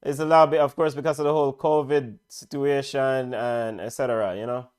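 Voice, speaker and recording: A man with a Jamaican accent, hoarse from calling the game, giving chatty live football commentary that bursts into shouts. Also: mid-range voice, brisk. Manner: excitable, chatty, bursts into shouts at big moments. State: hoarse, voice worn out. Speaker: play-by-play commentator.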